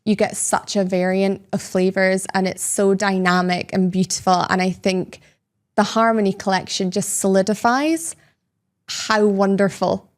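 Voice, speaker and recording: A woman's voice: mid-range voice, fairly even intonation, measured pace. A woman with a mid-range voice speaks as a podcast guest. She explains her work in a casual way, full of eager, effusive enthusiasm. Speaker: whisky brand educator, interview guest. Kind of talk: casual interview chat.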